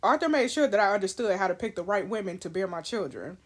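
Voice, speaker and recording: A woman voicing a steady, formal adult male king in a story game, reading his lines in a measured way. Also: mid-range voice, close to an everyday voice. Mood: calm, formal.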